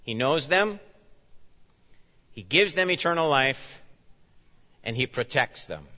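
Emphatic pastor in a reverberant hall. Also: male voice, medium pitch, expressive, slow pace. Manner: emphatic, swings from loud declarations to hushed asides. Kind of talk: sermon. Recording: dull sound with long reverb in a large hall.

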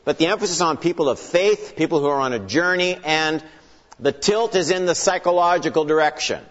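A man's voice: fairly high pitch, brisk. Man, Bible teacher; earnest and emphatic with dry asides; long hall echo, muffled lo-fi recording. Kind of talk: teaching lecture opened with prayer. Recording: long hall reverb, dull lo-fi sound.

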